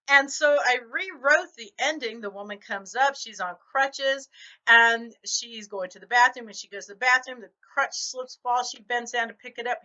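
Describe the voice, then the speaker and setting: A middle-aged woman vlogging about her writing, telling stories animatedly and acting out other people's reactions. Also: a little high. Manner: animated storytelling, acts out quoted reactions. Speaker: novelist vlogger. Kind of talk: casual talk to camera. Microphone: camera mic. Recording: dull lo-fi camera audio.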